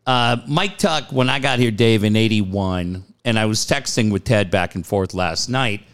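A man with a lowish, clean-toned voice talks at a normal pace while hosting a casual radio chat. He tells stories animatedly, acting out quotes and swearing freely.

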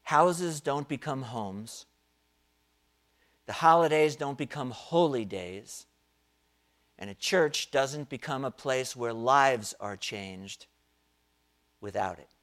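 A man preaching a sermon, telling a story with dramatic pauses and rising swells of volume. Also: mid-range voice, a bit bright. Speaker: pastor.

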